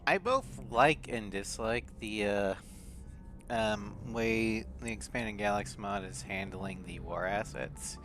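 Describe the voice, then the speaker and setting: Streamer, man, low, bright and forceful tone, faint game music behind; casual commentary. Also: slow pace. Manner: thoughtful, reads in-game messages aloud.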